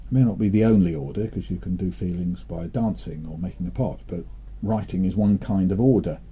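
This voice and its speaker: An older man from England chats in a relaxed interview, dry and playful, slipping into animated storytelling. His voice is very dark and mellow, with a husky edge, sitting a little low in pitch. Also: a little fast. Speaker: interviewee, children's author. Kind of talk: relaxed interview chat with joke-telling.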